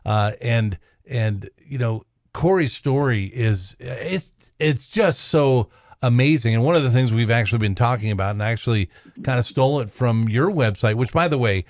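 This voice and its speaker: A man's voice: mid-range voice, animated, normal speed, a little mellow, no echo. A man hosting a live radio show from a studio, talking loosely with lots of uhs. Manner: loose, filler-heavy talk with many uhs. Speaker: radio host.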